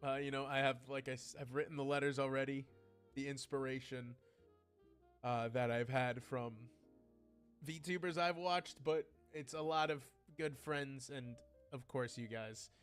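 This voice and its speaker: A man's voice: medium pitch, steady tone, a little slow, fairly bright tone, clear, resonant tone, soft background music. A young man chatting casually on his livestream, rambling and heartfelt, with lots of restarts. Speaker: VTuber streamer.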